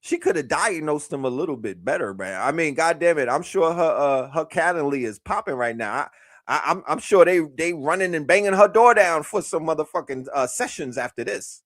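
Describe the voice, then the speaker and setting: A man's voice: on the high side, expressive, fairly quick, a bit bright, no echo, clean studio sound. A man giving loose, mocking reaction commentary on a clip. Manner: mocking, loose, laughing asides.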